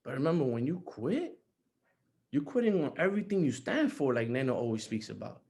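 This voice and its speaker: A man's voice: medium pitch, sing-song, a little fast, creaky, a little mellow. A young man giving an earnest motivational talk on a group call, repeating his points and growing emphatic. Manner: earnest, repetitive, rising to emphatic.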